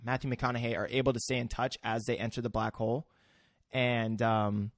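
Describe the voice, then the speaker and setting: A man's voice: mid-range voice, flat delivery, a little fast, no echo, studio quality. A man co-hosting a casual podcast, rambling through a film recap with lots of fillers and searching for words. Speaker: podcast co-host.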